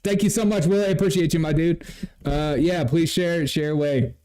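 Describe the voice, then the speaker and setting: A man's voice: fairly high pitch, steady tone, a little fast, dark tone. A man hosting a comedy livestream, talking to viewers in a mocking, laughing, chatty way. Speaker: livestream host. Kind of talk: sarcastic comedy livestream commentary.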